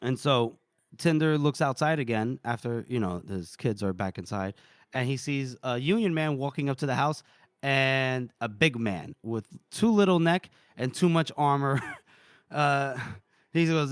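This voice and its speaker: Animated man retelling a story. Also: mid-range voice, unhurried, smooth, no echo, studio quality. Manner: animated retelling, laughs often, casual swearing. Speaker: podcast co-host. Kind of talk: casual book discussion.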